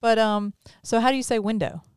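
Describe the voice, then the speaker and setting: Mississippi woman host, smooth dry voice. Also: a little high, a little fast, darkish tone, dry recording. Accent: Mississippi Southern with some Northern. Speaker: podcast host. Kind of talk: casual chat.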